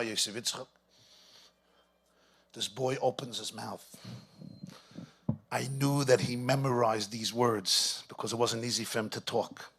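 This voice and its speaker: A man's voice: medium pitch, creaky, slightly rough. A middle-aged man, a rabbi, telling a story to an audience at a weekend gathering and mixing in Yiddish and Hebrew phrases. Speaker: rabbi speaking at a Shabbaton.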